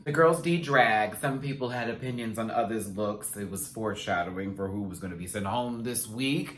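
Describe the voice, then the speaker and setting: A man rants through a reality TV recap in a sassy, chatty way, talking in a mid-pitched voice. He rambles off on tangents and knows it. His voice rings with a roomy echo. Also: fairly bright tone. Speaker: reality TV reviewer. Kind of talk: casual recap rant.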